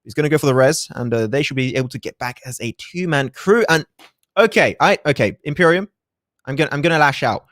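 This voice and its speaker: Fast-talking, energetic male esports caster. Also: a little high, no echo, studio quality. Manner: fast, energetic, joking asides. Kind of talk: live play-by-play commentary.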